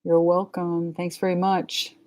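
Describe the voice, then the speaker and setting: A woman's voice: fairly low pitch, flat delivery, a little slow, a little mellow. A middle-aged woman with a New England accent giving a live tarot reading in a chatty, frank and joking way. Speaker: tarot reader.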